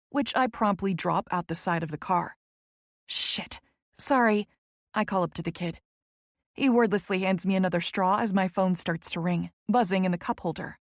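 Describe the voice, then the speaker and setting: A woman's voice: on the low side, no echo, studio quality. A woman narrating a first-person romance audiobook in a wry, conversational way.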